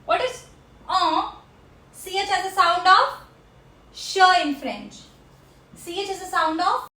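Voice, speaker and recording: A woman teaching a French class, slowly repeating each word for her learners. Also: extremely high pitch, animated, bright, forceful tone. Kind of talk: classroom language lesson. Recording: echoey room.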